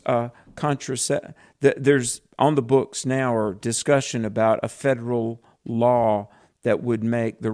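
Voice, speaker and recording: A Southern man speaking with an earnest, preacherly conviction as co-host of a faith talk program. His pitch sits at an ordinary middle level. He talks in a casual radio way. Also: a little mellow.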